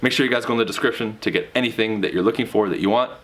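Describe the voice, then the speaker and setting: A man coaching salespeople on handling objections in a direct, casual motivational monologue, pushing his voice up sharply to stress points. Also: racing. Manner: emphatic, swings pitch for emphasis; direct, casual with mild swearing. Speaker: real estate sales coach.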